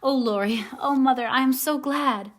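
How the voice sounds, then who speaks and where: A woman's voice: moderate pace, natural voice. A woman reading as Jo, emotional teenage girl. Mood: overjoyed. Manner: emotional, breaks into high excited cries. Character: passionate tomboyish teenage girl, warmhearted. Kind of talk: audiobook character reading.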